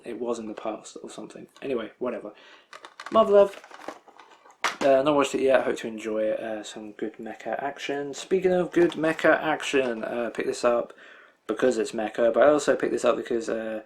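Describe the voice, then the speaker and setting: A man's voice: mid-range voice, normal speed, a little mellow, a little hiss or hum. Man, young adult, casual haul vlog, rambling, filler-heavy, laughs to himself. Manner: rambling, many fillers, chuckles often. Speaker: anime collector showing a disc haul.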